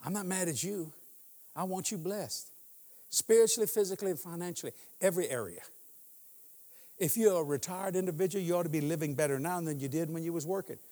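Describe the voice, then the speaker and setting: A man's voice: on the high side, a little fast, warm tone, in a large hall. A man in his sixties preaching as a guest in a church, telling humorous stories and laughing often. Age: 60s. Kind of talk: sermon.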